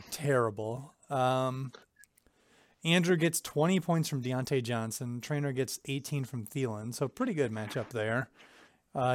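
A man's voice: medium pitch, dry recording. A man hosting a podcast in casual chat, laughing often and swearing casually. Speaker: podcast host.

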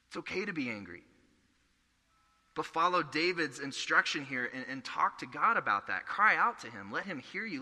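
Young male pastor, earnest storytelling sermon, bright tone, echoey church hall. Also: a little high. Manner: earnest, conversational preaching with storytelling.

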